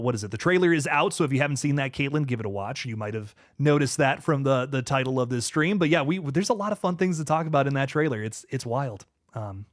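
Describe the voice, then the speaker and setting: A man's voice: on the high side, dry recording, studio quality. A young man hosting a casual livestream from home, reading viewer comments aloud in a laid-back way and often repeating and restarting words. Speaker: livestream host.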